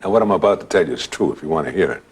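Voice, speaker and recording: A man's voice: sits low, animated, rapid-fire, husky. A man telling a true ghost anecdote in a dramatic, conversational way. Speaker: guest storyteller.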